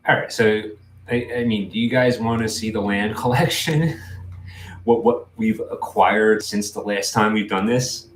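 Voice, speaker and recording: A man's voice: fairly low pitch, moderate pace, a little hiss or hum. A man hosting a casual livestream, rambling and restarting as he chats with viewers and his cat. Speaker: livestream host.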